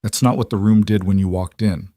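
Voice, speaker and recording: A man's voice: on the low side, fairly even intonation, fairly quick, dark tone, dry recording, studio quality, lightly acted. A man voicing a guarded, worn-down young woman in a bar who halts and breaks off mid-sentence.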